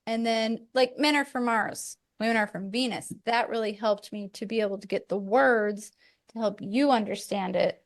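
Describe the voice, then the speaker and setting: A woman's voice: fairly high pitch, normal speed. A middle-aged woman co-hosting a family podcast, chatty and laughing as she tells stories about her marriage. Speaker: podcast co-host. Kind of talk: casual conversational teaching.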